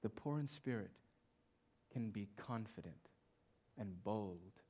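A male preacher delivering a sermon, drawing out quiet phrases slowly and then rising to loud, emphatic declarations. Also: fairly low pitch, lively intonation, slightly rough. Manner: swings between hushed, drawn-out phrases and loud emphatic declarations.

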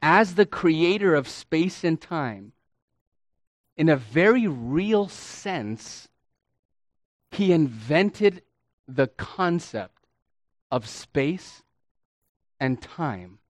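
A man preaching a sermon as a pastor, teaching with deliberate emphasis and stretching key words, calling his listeners beloved and friends. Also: fairly high pitch, very animated, no echo, studio quality.

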